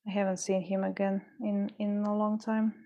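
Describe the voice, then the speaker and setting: A woman's voice: medium pitch, little pitch movement, moderate pace, mellow, dull audio. A woman streaming live while she works on beadwork, muttering and rambling in frustration and swearing now and then. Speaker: livestreamer making beadwork. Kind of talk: casual livestream chat while crafting.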